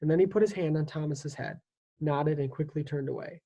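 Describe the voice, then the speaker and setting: A teacher reading a children's historical novel aloud with lively, expressive storytelling. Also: medium pitch, a little fast.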